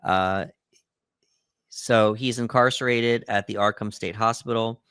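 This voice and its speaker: A man's voice: on the low side, steady tone, a little slow, fairly bright tone, smooth, dry recording, studio quality. A man co-hosting a podcast, steadily recapping a movie in a casual chat, with many fillers. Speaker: podcast co-host.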